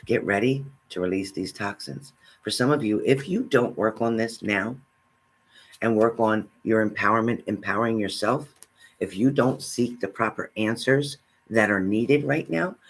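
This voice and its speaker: Husky low-voiced man giving a spiritual reading. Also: normal speed. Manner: earnest, repetitive, speaks straight to the listener. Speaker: spiritual reader.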